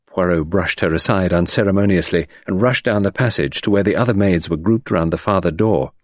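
A man reading an audiobook narration in a measured, expressive way. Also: sits low, dry recording, clean studio sound.

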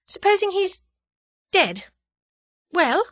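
A woman's voice: very high voice, sing-song, a bit bright, no room sound, pitched above the performer's own voice, full character voice. Spirited young woman, narrator voicing her, snappy and proud, dry close mic. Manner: brisk, snappish.

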